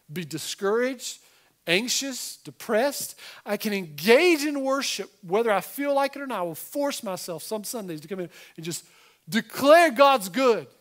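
A middle-aged man preaching a sermon as pastor, animated and emphatic, with conversational asides to the congregation. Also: extremely high pitch.

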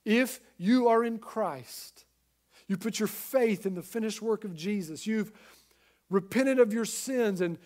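A man with a notably high speaking voice delivers a sermon as a pastor. He is earnest and emphatic and speaks directly to listeners at home, dropping soft and then building loud again. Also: measured pace. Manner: earnest, emphatic preaching with swings in loudness.

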